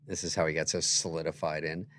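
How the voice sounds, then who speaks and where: A man's voice: extremely low pitch, flat delivery, fast, a bit bright. A man who is a comedian guest, telling wry, casual anecdotes and swearing freely.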